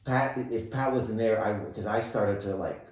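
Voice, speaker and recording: A lower-voiced man from Canada tells a wild story as a guest comedian, swearing freely and laughing through it. He sounds set back from the mic in a very echoey room. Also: moderate pace, a little mellow. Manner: profane, rambling anecdote with laughter. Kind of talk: casual podcast storytelling. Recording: roomy, distant mic.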